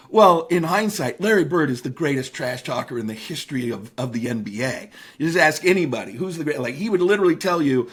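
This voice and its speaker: Fifties male guest, lively storyteller, casual and conversational, sprinkles fillers. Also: a little high, normal speed, breathy edge. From Seattle area, United States. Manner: animated, anecdotal, frequent fillers. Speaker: guest, speaker and author.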